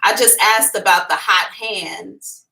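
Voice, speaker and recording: A woman hosting a live psychic reading, talking in a blunt, profane and animated way. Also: medium pitch, slow, creaky.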